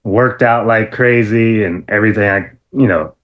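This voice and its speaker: A man guest in an interview, telling stories in a casual, lively way, laughing often and full of fillers and restarts. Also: moderate pace, dull audio. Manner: animated, acts out quotes in a high excited voice. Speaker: interview guest, former wrestler.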